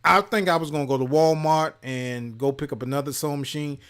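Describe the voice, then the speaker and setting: A man from Maryland, co-hosting a gaming show, telling a profane story in casual chat and shouting out the lines he quotes. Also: on the high side, brisk, clear, resonant tone. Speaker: podcast co-host.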